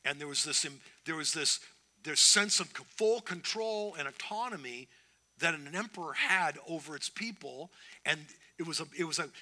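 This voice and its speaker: A male pastor preaches in an earnest, emphatic way, now and then breaking off and restarting a thought. His voice is very bright and forward, sitting a little high for a man. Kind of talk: sermon.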